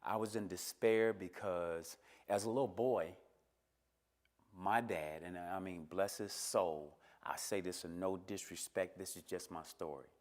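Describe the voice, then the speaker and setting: A middle-aged man giving an emotional personal testimony in a church, telling his story and swinging from hushed, near-whispered lines to emphatic high points. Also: measured pace. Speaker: church speaker.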